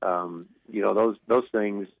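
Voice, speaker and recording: Car dealer guest, lowish voice, dry sound, keen sales talk. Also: male voice, steady tone, a little slow, vocal fry, dry recording, highs cut off. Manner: enthusiastic, filler-heavy, repeats himself. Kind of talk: sales pitch on radio.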